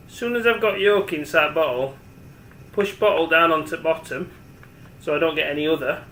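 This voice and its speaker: Brief: man, forties, slightly high voice, rambling home cooking demo, echoey kitchen with a faint hum. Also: vocal fry, pushed and bright. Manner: rambling, chatty, talks to the camera as he works. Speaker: home cook. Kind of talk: casual cooking demonstration.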